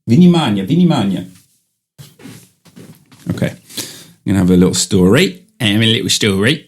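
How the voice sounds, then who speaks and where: A man's voice: fairly low pitch, lively intonation, measured pace, long pauses, darkish tone. A man, improvising a rambling, silly comic monologue as a podcast host. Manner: rambling, silly, switches into funny voices.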